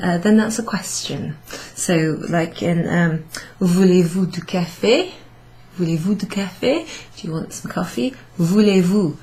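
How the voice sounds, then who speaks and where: Slow, patient woman teaching beginners. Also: on the low side. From United Kingdom. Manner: slow, patient, repeats phrases for learners. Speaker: French teacher. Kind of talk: recorded beginner language lesson.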